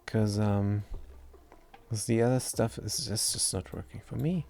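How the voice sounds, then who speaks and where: Over slight background noise, a young man speaks in a low, creaky, darkish voice at a somewhat slow pace. He's a streamer giving relaxed gameplay commentary in accented English, not his native language, rambling along with self-deprecating remarks and frequent stumbles and restarted words.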